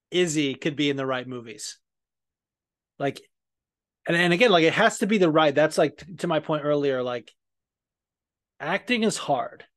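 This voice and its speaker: A man with a slightly high voice hosts a podcast in loose, casual chat. He rambles, swears freely and restarts his sentences, filling gaps with "like" and "um.". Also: a bit bright. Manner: rambling, profane, many fillers and restarts. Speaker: podcast host.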